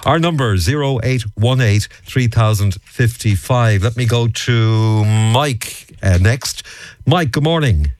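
An Irish man hosting a radio phone-in, brisk and quick to cut in and push back on callers. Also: mid-range voice, animated. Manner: brisk, cuts in and pushes back. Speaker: radio talk show host.

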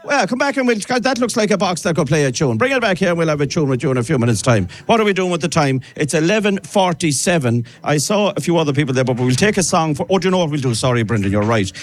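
A man's voice: on the high side, animated, quick pace, hardly any pauses. A man with an Irish accent presenting a live radio show from an outdoor event, chatty and enthusiastic. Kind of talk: live outside broadcast chat. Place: outdoors at a live outside broadcast.

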